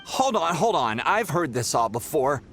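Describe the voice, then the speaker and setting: A brash, pushy pilgrim. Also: male voice, a little high, very animated, normal speed, fairly bright tone. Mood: indignant. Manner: theatrical, demanding, indignant. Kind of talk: video game voice acting. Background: game music.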